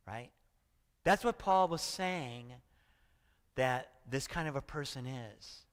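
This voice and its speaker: A man's voice: mid-range voice, animated, takes it slowly, long pauses. A man in his sixties, a pastor giving a chatty, storytelling sermon and often asking his audience "right?". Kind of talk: conversational sermon. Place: church hall. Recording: reverberant church hall.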